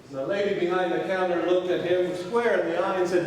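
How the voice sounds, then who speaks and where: A male pastor preaching a sermon, telling stories and acting out the people in them, dropping quiet for key points. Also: high voice, fast, few pauses, a little hiss or hum. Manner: acts out quoted voices, drops to quiet for key points. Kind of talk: sermon with storytelling. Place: large church sanctuary. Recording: echoey church hall from far off.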